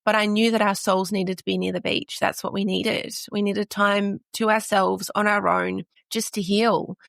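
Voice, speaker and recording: A middle-aged Australian woman speaking as a podcast guest, her voice carrying a gravelly fry at mid pitch. She tells personal stories earnestly and often restarts mid-sentence. The recording is dry and close. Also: no room sound. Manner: earnest, storytelling, frequent restarts. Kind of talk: conversational podcast interview.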